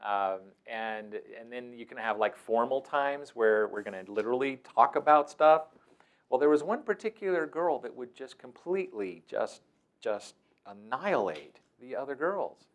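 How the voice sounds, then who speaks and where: A man's voice: mid-range voice, lively intonation, moderate pace. A man hosting a talk, telling stories casually and wryly. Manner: casual, wry, playfully acts out quoted voices. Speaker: host. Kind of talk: anecdotal storytelling talk.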